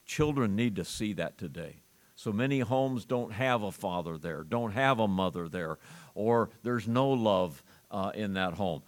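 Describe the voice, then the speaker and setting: A man preaching a sermon to a congregation, earnest, with pauses, restarts and emphatic rises on key lines. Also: fairly low pitch. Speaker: pastor.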